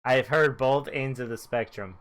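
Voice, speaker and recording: A man's voice: medium pitch, moderate pace, a bit bright. A man co-hosting a podcast, teasing his co-host and rambling through casual anecdotes. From Texas and Michigan. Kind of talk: casual chat.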